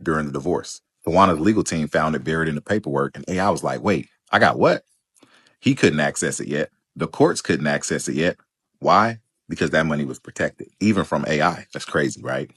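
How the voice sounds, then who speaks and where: A man's voice: a bass voice, expressive, a little fast, a bit bright, breathy edge, dry recording, clean studio sound. A man narrating a commentary in a conversational storytelling way, posing rhetorical questions. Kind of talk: scripted narration.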